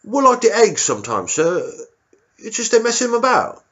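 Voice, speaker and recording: Man doing a jumpy, evasive young soldier, high-pitched, mumbly, dull lo-fi sound. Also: wildly swooping pitch, moderate pace, fairly bright tone, heavily acted. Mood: nervous, evasive. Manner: hesitant, mumbling, repeats himself. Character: nervous young male soldier, evasive and vague. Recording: dull lo-fi recording.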